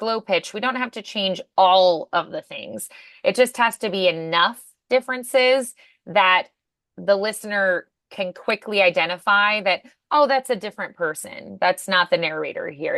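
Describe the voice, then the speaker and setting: A woman's voice: medium pitch, fairly bright tone, no echo. A woman coaching voice acting in an upbeat, encouraging way, with many fillers. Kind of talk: casual coaching.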